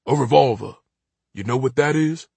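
A man reading an audiobook, voicing a gruff, guarded blind old grandfather with a terse, matter-of-fact drawl. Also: medium pitch, moderate pace, darkish tone, no room sound.

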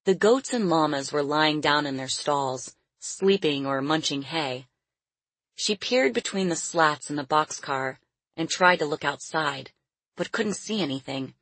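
A woman narrating an audiobook in a steady, measured storytelling manner. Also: deep voice, no room sound, poor audio.

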